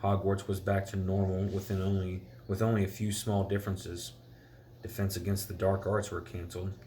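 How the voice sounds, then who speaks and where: A man's voice: low-pitched, level tone, normal speed, warm tone. A man reading a storybook aloud to his child, stumbling and restarting and stopping to explain hard words.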